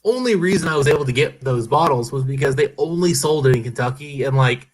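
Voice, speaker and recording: A man in casual chat, telling an animated story and swearing freely. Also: medium pitch, fast talker.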